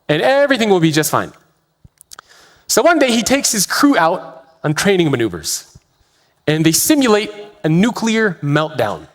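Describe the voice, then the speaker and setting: A man delivers a keynote on leadership, acting out each line of dialogue in a story. His voice sits high and swings widely in pitch. The sound carries the long reverb of a large hall. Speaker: leadership speaker.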